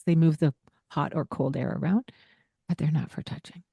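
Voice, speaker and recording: A woman hosting a parenting podcast, explaining calmly and laughing often. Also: low voice, normal speed, creaky, husky, dry recording, lo-fi sound. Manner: calm, explanatory, laughs often, acts out kids' voices. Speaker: podcast host, parenting coach. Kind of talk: casual podcast advice.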